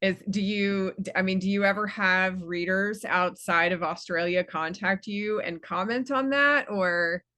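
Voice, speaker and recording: A woman's voice: mid-range voice, a little slow, hardly any pauses, sharp tone. A woman from Texas interviewing an author over a video call, chatty and enthusiastic with many fillers and restarts. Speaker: interviewer, book club host.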